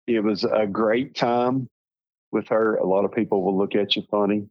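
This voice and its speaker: A middle-aged Southern man from Tennessee, telling his life story as an interview guest in a slow, halting, reflective way. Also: fairly low pitch, steady tone, no echo, lo-fi sound. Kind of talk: personal storytelling.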